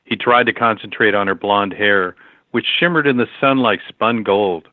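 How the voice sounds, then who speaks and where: A man narrating a story in a steady, measured reading over a tinny phone-like line. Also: on the low side, dry recording.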